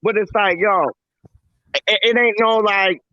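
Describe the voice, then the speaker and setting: A man from Canada speaks in a high, light voice, joking around in slang. The sound is dry and close, with the dull, low-fidelity tone of a live stream. He stays hyped and playful throughout. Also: steady tone, a little slow, bright, forceful tone, no echo. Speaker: guest. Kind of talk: casual live stream chat.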